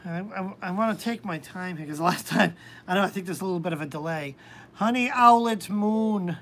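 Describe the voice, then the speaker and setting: A woman hosting a live-stream tarot reading, talking hesitantly with many pauses and ums. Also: on the low side, creaky, a little hiss or hum.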